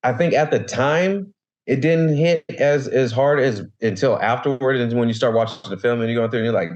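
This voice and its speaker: A man's voice: mid-range voice, normal speed. A man, a former pro football player, talking loosely as a podcast guest and repeating himself as he recalls things. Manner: loose, repeats words, animated when recalling. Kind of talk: casual podcast chat. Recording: dull lo-fi sound.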